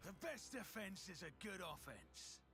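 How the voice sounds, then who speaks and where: Game VO: a stern British commander, gravelly, very swooping delivery, clear music underneath. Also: male voice, high-pitched, sing-song, a little slow, sharp tone, exaggerated voice. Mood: confident. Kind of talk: game voice line.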